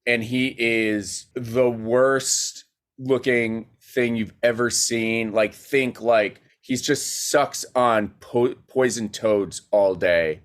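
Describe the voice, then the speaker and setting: Man, guest filmmaker, casual podcast storytelling, animated, quick bursts, medium pitch. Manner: animated, rapid bursts, many "like" fillers.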